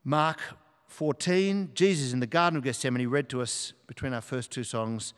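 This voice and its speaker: A man's voice: mid-range voice, normal speed, smooth. A man preaching a sermon in a church, earnestly reading scripture aloud with emphasis. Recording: long hall reverb.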